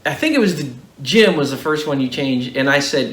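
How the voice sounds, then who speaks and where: A man co-hosting a casual behind-the-scenes chat about making a web series. He is talkative, laughs easily and jumps up in pitch when he jokes. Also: expressive, fairly quick, fairly bright tone. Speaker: co-host and actor in the web series. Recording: roomy echo.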